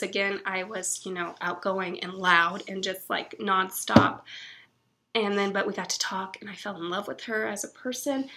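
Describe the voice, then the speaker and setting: A woman's voice: medium pitch, a little hiss or hum. Bubbly chatty young woman vlogger. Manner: bubbly, chatty, animated quotes. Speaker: book vlogger. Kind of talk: casual book haul chat.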